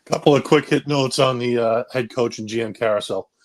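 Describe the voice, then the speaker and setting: A man's voice: medium pitch, brisk. Guy calling in to a show, rambling, lots of uhs, middle voice. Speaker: caller. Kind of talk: casual call-in chat.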